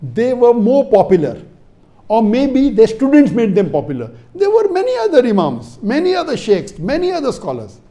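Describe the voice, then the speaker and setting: Man from india preaching, high voice that jumps around a lot, keeps firing questions at the crowd. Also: warm tone. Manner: emphatic, repetitive, asks the audience questions; spells words out letter by letter. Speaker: Islamic preacher. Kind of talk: religious lecture to an audience.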